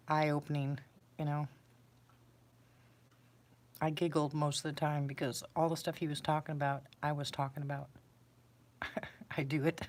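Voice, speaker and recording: Low-voiced chatty woman livestreaming. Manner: rambling, self-deprecating, chatty. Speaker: livestream host. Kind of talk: casual chat with viewers. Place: sitting on a floor indoors.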